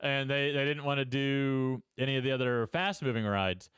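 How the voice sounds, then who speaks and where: A man's voice: mid-range voice, moderate pace, a bit bright, clear, resonant tone, dry recording. A man co-hosting a podcast, chatting casually and poking fun at himself with frequent laughs. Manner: laughs often, self-mocking. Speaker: podcast co-host. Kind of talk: casual chat.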